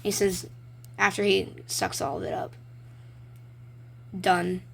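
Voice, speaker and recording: A woman's voice: mid-range voice, very animated, vocal fry, a little hiss or hum. A young woman in a casual show-and-tell vlog, rambling and chatty as she describes her own comics at home. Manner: rambling, chatty, reads her own comics aloud with quick silly voices. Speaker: vlogger showing her drawings. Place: home room, lights turned down.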